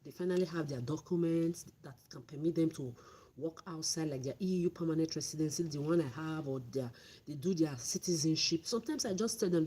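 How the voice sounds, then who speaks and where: A woman's voice: low voice, a little fast, dark tone, a little hiss or hum. A middle-aged woman giving blunt, exhorting advice on a livestream, often repeating herself. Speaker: livestream host.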